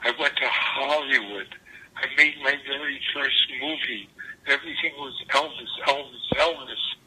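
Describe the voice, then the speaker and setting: Weary rock star venting to a friend, low and confiding, husky, as an older man quotes him. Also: unhurried, pushed and bright, heavily acted, rough recording.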